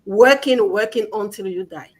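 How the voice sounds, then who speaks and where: A woman's voice: medium pitch, moderate pace. A woman guest telling her story in a casual conversation, earnest and conversational. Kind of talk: casual chat.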